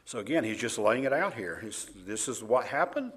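Animated man preaching a sermon. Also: medium pitch, quick pace, few pauses. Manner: animated, laughs often, reads verses louder. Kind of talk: sermon with scripture reading.

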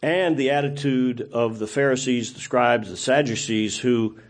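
A man's voice: mid-range voice, measured pace. A man preaching a sermon in a conversational style, full of rhetorical questions.

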